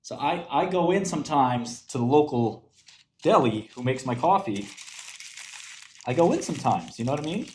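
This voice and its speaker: A man's voice: fairly high pitch, expressive, normal speed, darkish tone, a little hiss or hum. A man hosting a casual livestream, talking loosely and full of slang while he clicks through research. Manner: loose, slangy storytelling, calls listeners bro. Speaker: finance streamer and host.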